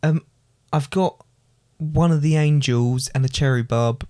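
A man's voice: fairly high pitch, measured pace, dark tone. A young adult man co-hosting with his father, hesitant, with many ums and restarts. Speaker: co-host, son. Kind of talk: casual comic podcast chat.

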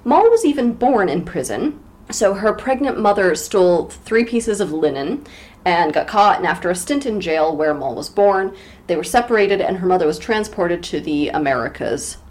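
A woman's voice: lowish voice, lively intonation, normal speed, a little mellow. Wry woman co-hosting a book podcast. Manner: wry, joking asides. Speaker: podcast co-host. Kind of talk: casual book discussion.

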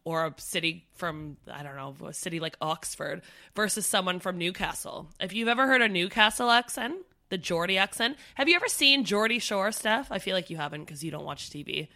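A woman from Canada co-hosting a podcast, talking in a chatty, animated way with lots of "like" and "um". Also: on the low side, fairly quick, hardly any pauses. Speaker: podcast co-host. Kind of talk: casual chat.

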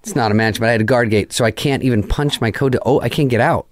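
A man's voice: medium pitch, very fast. A middle-aged man telling a story in casual, profane talk, acting out the voices of the people in it. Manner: animated, profane, acts out quoted voices. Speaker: guest comedian. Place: garage studio.

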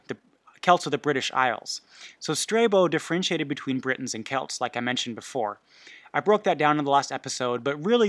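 Here a podcast host with a slightly high, fairly bright voice works through history notes casually, tossing in asides and fixing his own slips. There's no echo on the recording.

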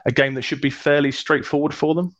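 A man co-hosting a podcast, talking quickly and rambling, often repeating his words. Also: fairly high pitch, flat delivery, fairly bright tone, no room sound, muffled recording. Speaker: podcast co-host. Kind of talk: casual live podcast chat.

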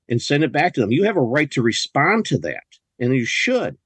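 A man's voice: mid-range voice, huge pitch swings, brisk, fairly bright tone, husky, no echo. A man talking as a podcast guest, telling stories in an emphatic, indignant way with many restarts. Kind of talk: casual conversational storytelling. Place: lives in a US state.

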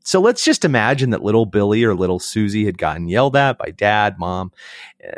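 Animated storytelling man. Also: fairly low pitch, fairly quick, no room sound, studio quality. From United States. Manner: animated, acts out quoted voices. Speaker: podcast guest. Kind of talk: reflective storytelling conversation.

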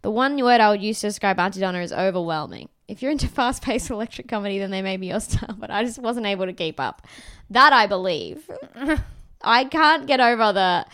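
A woman's voice: medium pitch, animated, brisk, a bit bright, smooth. A woman co-hosting a casual comedy chat, reading a review aloud with dry emphasis and laughing often. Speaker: podcast co-host reading a review.

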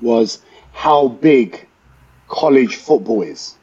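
A man with a London accent, hosting a podcast as a chatty, animated storyteller who talks casually with lots of fillers. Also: medium pitch, slow, breathy edge, lo-fi sound. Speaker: podcast host. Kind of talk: casual chat.

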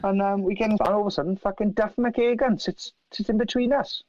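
A man from South Wales with a Welsh accent, telling animated, profane anecdotes and acting out other people's lines. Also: high voice, fast, few pauses, dry recording. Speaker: guest musician. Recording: dry, slightly dull lo-fi sound.

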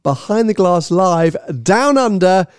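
High, lively man hosting. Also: slow pace, clear, resonant tone, no echo, studio quality. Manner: teasing, upbeat. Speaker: podcast host. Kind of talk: casual banter and announcements.

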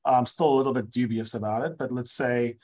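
A man's voice: medium pitch, fairly even intonation, brisk, darkish tone. Playful man telling jokey stories. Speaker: podcast co-host, rugby expert. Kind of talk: casual podcast chat.

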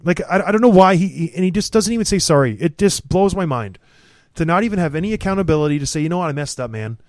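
A man's voice: high-pitched, expressive, fast, no echo. Blunt, ranting male podcast host. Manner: blunt, opinionated, mocking ranter. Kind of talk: casual hockey podcast chat.

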